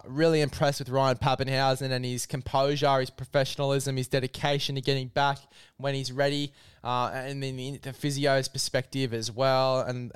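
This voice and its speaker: A man's voice: medium pitch, smooth, dry recording, studio quality. A man hosting a casual sports chat, matey and full of fillers. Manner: chatty, matey, heavy on fillers. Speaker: podcast host.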